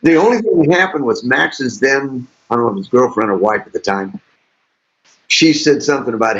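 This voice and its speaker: An older man, a musician guest, telling animated stories in an interview with frequent laughter. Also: medium pitch, normal speed. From St. Louis, USA. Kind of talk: storytelling interview. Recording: dull lo-fi audio.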